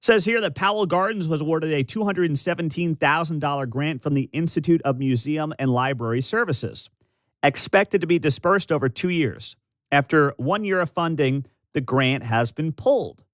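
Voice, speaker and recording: A man's voice: on the high side, moderate pace, dry recording. A man hosting a Midwestern talk radio show, ranting sarcastically and mimicking people he disagrees with. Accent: Midwestern American. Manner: sarcastic, animated, mocking voices. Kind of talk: opinionated talk radio monologue. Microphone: studio microphone.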